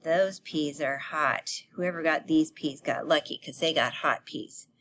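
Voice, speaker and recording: A woman's voice: deep voice, measured pace, a little hiss or hum. Playful woman teaching kids grammar. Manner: playful, animated, acts out sample sentences. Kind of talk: video grammar lesson for children.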